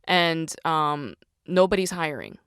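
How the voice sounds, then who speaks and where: A woman with a fairly low voice hosts a podcast, venting in a loose, profane, emphatic monologue. She keeps turning her questions back on herself. The sound is dry, with no room around her. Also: very animated, slow pace, fairly bright tone, clear, resonant tone, no echo. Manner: confessional and self-questioning. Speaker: podcast host.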